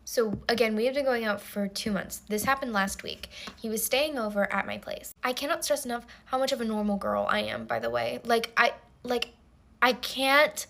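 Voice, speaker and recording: A woman's voice: a little high, normal speed, creaky, fairly bright tone. A young woman telling a comedic storytime in a mock-earnest, rambling way full of restarts. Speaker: TikTok storyteller.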